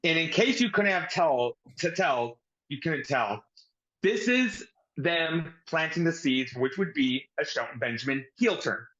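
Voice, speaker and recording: A man co-hosting a wrestling review show in casual chat, loud and animated. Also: fairly high pitch, unhurried, highs cut off. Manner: loud and animated, shouting mock impressions. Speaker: podcast co-host.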